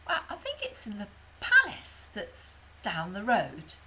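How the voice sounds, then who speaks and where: Woman doing a daft panicky hen: shrill, bright, breathless. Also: wildly swooping pitch, a little slow, slight background noise, heavily acted, low-quality recording. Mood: earnest. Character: silly panicky female chicken.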